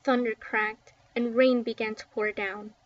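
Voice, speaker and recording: A woman reading a children's book aloud with expressive, dramatic storytelling, recorded dull and a little distant from the mic. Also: fairly high pitch, unhurried, dry recording. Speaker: book reader.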